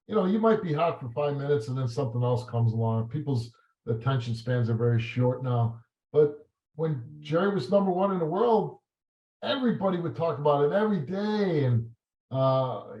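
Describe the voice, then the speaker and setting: A man in an interview, telling stories and reminiscing in a halting way, with many fillers and restarts. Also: a little high. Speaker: talk show host as guest. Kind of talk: reflective interview answers. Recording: roomy and slightly dull sound.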